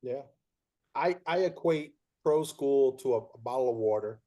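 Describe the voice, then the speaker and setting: A man hosting a casual chat, an umpire telling lively stories and acting out what others said. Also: mid-range voice, normal speed. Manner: animated storyteller who acts out quoted voices. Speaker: podcast host.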